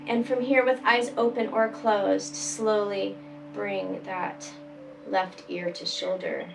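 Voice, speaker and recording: A woman leading a chair yoga class, giving calm, gentle step-by-step cues for breathing and stretching. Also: mid-range voice, slow, creaky. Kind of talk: guided exercise instruction. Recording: voice from a distance, faint background music.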